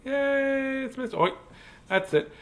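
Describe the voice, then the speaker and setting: A middle-aged man with a slightly high voice hosts a children's storytime over a home live stream. He chats playfully, drifts off topic easily, and keeps greeting young viewers by name. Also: animated, normal speed, fairly bright tone. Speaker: children's book reader and show host.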